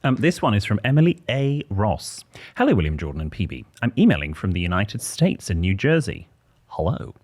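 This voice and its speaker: An English man with a low voice that swings widely up and down as he reads. He co-hosts a podcast and performs listener letters aloud with a wry, theatrical touch. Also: big pitch swings, fairly quick, darkish tone. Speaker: podcast co-host.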